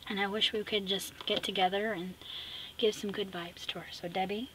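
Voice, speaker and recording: A woman talks her way through a collage in a chatty, casual vlog voice. She mutters to herself as she works and often sinks into a soft murmur. Her pitch sits in the middle, with a faint hiss behind her. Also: flat delivery, moderate pace, rough recording. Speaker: craft vlogger. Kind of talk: casual talk while crafting.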